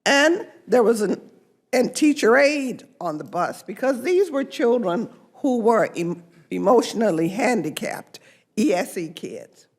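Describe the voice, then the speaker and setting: An older woman, a congresswoman, giving an emphatic, deliberate press conference speech. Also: fairly high pitch, big pitch swings.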